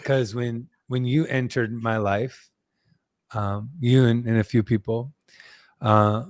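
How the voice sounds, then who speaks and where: A man hosting a podcast, unhurried and earnest, leaning into each word with warm, effusive sincerity. He speaks in a relaxed, reflective way, at a middle pitch. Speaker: podcast host. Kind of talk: casual spiritual conversation.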